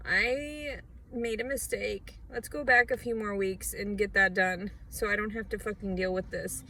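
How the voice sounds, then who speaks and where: In a confessional video diary, a woman vlogger vents raw distress in a steady tone at a moderate pace, repeating phrases as she shifts from low murmurs and whispers to sudden sharp outbursts. The audio is poor, with a little hiss or hum.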